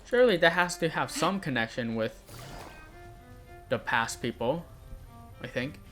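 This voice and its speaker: A man's voice: medium pitch, expressive, unhurried, a bit bright, faint music behind. A young man playing a video game, reading the characters' lines aloud with light voicing and breaking off into laughs and puzzled asides. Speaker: gamer. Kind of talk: let's play commentary, reading game dialogue aloud.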